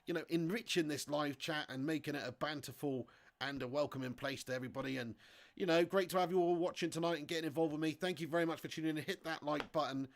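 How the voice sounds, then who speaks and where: A man streaming a football game live, commentating excitably and chatting with viewers. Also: a little high, fast talker. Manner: excitable, swearing, chatty banter. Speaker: gaming livestreamer.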